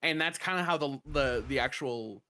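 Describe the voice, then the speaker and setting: A man's voice: medium pitch, normal speed, sharp tone. A man from the American South or Southwest co-hosting a podcast, rambling casually and laughing often. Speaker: podcast co-host.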